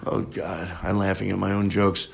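A man hosting a podcast in excited casual chat, rambling and jumping up in pitch. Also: moderate pace, vocal fry, soft background music. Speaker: podcast host.

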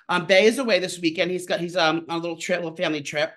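Fast, bright-voiced chatty man. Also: high voice. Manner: rambling storyteller, fast and chatty. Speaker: podcast co-host. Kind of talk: casual chat. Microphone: home microphone.

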